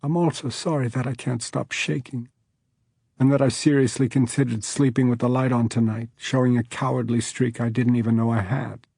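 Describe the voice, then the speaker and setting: A man's voice: mid-range voice, normal speed, darkish tone, husky, no room sound, studio quality, natural voice. A man doing a tearful, shaken woman judge. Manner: voice cracking, tearful pleading. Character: shaken young woman judge, near tears.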